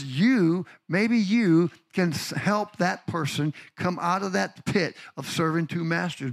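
Animated older male pastor preaching. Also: a little high, vocal fry. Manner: animated, asks the congregation questions, acts out stories. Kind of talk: sermon.

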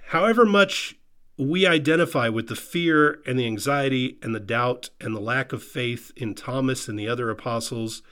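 A man serving as pastor speaks in a somewhat high, bright voice, delivering his sermon with earnest force. Repetition gives his words weight, and he addresses the listeners with direct questions.

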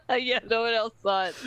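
A woman on a podcast, telling a story in a lively chat and swearing freely. Her voice sits a little high and rings bright and forceful. She keeps slipping into playful impressions of the people in the story. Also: clear, resonant tone, dry recording, poor audio. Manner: animated, profane, acts out other people's voices. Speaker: podcast co-host.

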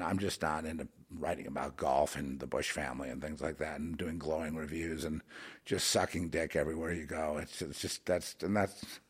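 A man with a very deep, slightly rough voice rambles through a monologue, halting and repeating words as he sinks into mutters and then climbs into heated outbursts.

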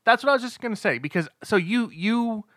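A man's voice: sits high, animated, a little fast, a bit bright, no room sound, clean studio sound. A man co-hosting a casual chat about movies, playful and teasing, laughing easily. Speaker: podcast co-host.

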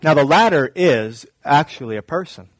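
Higher-voiced male pastor, dry sound. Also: dry recording, rough recording. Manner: animated storytelling, acting out quoted dialogue; drops to slow, quiet emphasis. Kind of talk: sermon.

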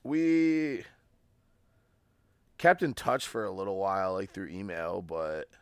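A man's voice: low-pitched, slow, clean tone, no room sound. A man co-hosting a podcast in casual chat, telling laid-back stories with plenty of swearing.

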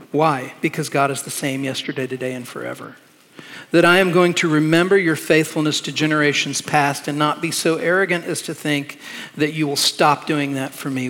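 A man preaching a sermon in a church, his voice sitting a little higher than most men's. He is earnest and emphatic, stretching out key words. A long reverb from the large hall trails behind him. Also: fairly bright tone. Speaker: pastor.

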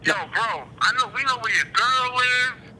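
A man's voice: very high-pitched, a little slow, sharp tone, slight background noise, heavily acted, rough recording. A man playing a menacing street dealer. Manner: threatening, aggressive, repetitive questioning. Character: menacing male street dealer demanding money.

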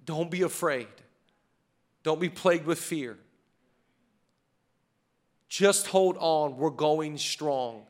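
A man's voice: fairly high pitch, takes it slowly, pauses often. A man in his thirties preaching a fervent sermon as pastor, repeating rallying lines.

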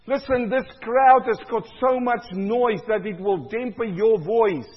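A male pastor preaching a sermon, swinging between loud cries and low, quiet stretches, with a husky voice. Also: takes it slowly, in a large hall, lo-fi sound.

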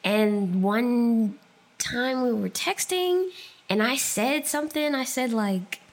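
Gravelly-voiced woman chatting candidly. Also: fairly high pitch, takes it slowly. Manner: candid, animated storytelling with swearing. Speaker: podcast co-host. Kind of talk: casual chat.

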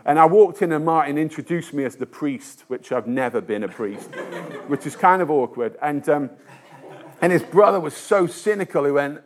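Conversational male preacher, slightly high voice. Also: animated, normal speed. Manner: storytelling, with frequent hesitations and restarts; conversational and self-deprecating. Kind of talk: sermon.

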